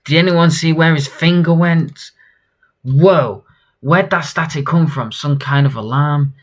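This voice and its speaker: A man voicing a cold, sadistic female villain from a comic, speaking slowly and teasingly. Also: on the high side, voice pushed up. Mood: mocking. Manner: slow, teasing, mocking.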